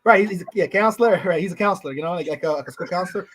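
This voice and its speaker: A man's voice: sits high, very fast, a bit bright, husky. A man in his thirties co-hosting a podcast in casual, rambling chat, full of slang and "you know". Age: 30s. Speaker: podcast co-host.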